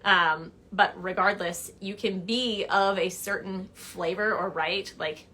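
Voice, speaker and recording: A woman's voice: mid-range voice, fairly even intonation, slow, bright, forceful tone. A woman hosting a casual livestream, answering viewer questions in a chatty way with many "like" and "um" fillers. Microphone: phone or laptop mic on a livestream.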